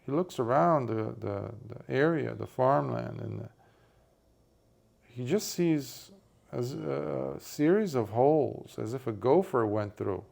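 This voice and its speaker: Slow, gravelly Buddhist monk. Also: male voice, medium pitch, lively intonation, darkish tone. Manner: unhurried storytelling with many fillers. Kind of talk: dharma talk with a parable.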